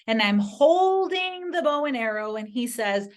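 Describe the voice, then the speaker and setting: A woman giving an earnest motivational sales pitch to camera, speaking directly to the viewer and telling personal stories. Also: animated, unhurried. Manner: earnest, direct, story-driven persuasion. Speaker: sales presenter.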